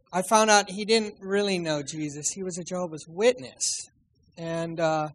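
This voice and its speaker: A man preaching a sermon, telling a personal story with acted quotes and soft, quiet asides. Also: sits high, poor audio. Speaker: pastor.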